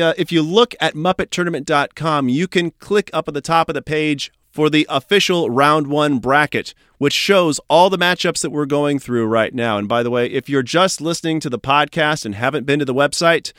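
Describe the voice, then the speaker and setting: A man's voice: fairly high pitch, moderate pace, hardly any pauses, a bit bright, smooth, no echo, studio quality. A man hosting a podcast, chatting casually in a rambling, upbeat way. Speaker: podcast host.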